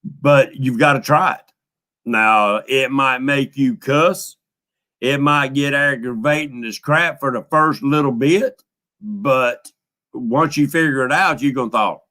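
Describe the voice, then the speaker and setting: This fishing channel host, a middle-aged American, talks with heartfelt, folksy warmth during a casual live stream, naming viewers as he thanks them. His mid-range voice is a little slow and sounds pushed and bright.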